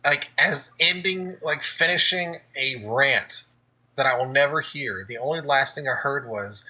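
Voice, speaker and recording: A man's voice: mid-range voice, measured pace, bright, forceful tone, poor audio. A young man telling a story in casual chat, with lots of filler words and laughs along the way. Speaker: podcast co-host.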